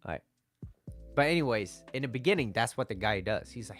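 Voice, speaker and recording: Man, dating coach, lively swinging pitch, jokey casual delivery, faint music behind. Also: fairly quick. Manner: joking and animated. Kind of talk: casual talk with slides.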